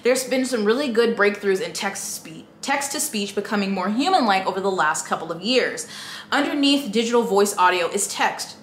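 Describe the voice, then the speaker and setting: Woman book vlogger reading an article out loud and reacting, emphatic and chatty, roomy echo. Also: mid-range voice. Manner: emphatic, expressive, talks straight to viewers. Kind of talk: casual commentary reading an article aloud. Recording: echoey room with faint noise.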